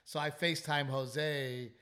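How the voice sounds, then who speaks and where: A man's voice: on the high side, a little slow. A man who hosts a podcast, telling a story in casual chat while sick and short on sleep, restarting often and swearing. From South Texas. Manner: animated, swearing, trailing restarts. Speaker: comedian and podcast host.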